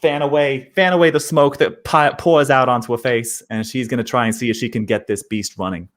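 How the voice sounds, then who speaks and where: A man's voice: medium pitch, fairly even intonation, a little fast, a bit bright. A man playing a tabletop game, rambling as he describes his character's actions. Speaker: player.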